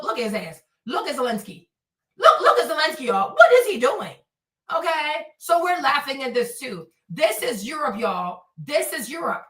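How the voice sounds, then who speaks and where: A woman with a high, bright voice delivers a loud, mocking, profane rant, hammering the same jabs again and again. She sounds set back from the mic in an echoey room. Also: distant mic. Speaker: streamer host. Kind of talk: ranting commentary.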